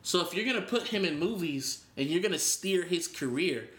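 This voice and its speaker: A man co-hosting a podcast in casual chat, animated, opinionated and profane. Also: high voice, moderate pace, echoey room, slight background noise. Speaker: podcast co-host.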